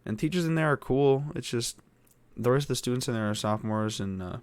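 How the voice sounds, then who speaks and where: A man's voice: mid-range voice, animated, brisk, clean tone, no room sound. A teenage boy hosting a podcast, venting in a frustrated, rambling way with lots of swearing. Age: teens. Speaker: podcast host. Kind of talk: casual venting monologue.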